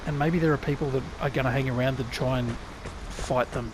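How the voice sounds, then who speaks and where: A gaming YouTuber with an Australian accent plays a survival game, offering wry, chatty remarks to himself as casual commentary. His mid-range voice holds a steady tone at a fairly quick pace. Game noise sits clearly in the background.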